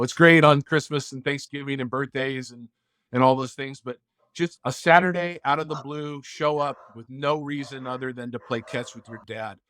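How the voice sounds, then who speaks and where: A man speaks as a podcast guest, earnest and heartfelt, sometimes acting out snatches of conversation. His voice sits in an ordinary middle pitch. The sound is close and dry, with no room around it. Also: fairly bright tone, no echo. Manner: earnest, heartfelt, acts out quoted dialogue. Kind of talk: casual interview storytelling.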